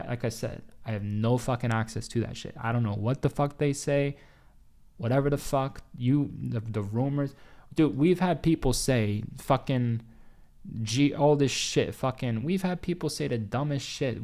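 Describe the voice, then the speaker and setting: A man's voice: mid-range voice, a little mellow. A young man hosting a trading group, ranting off the cuff with constant swearing and rambling repeats. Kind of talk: unscripted livestream rant.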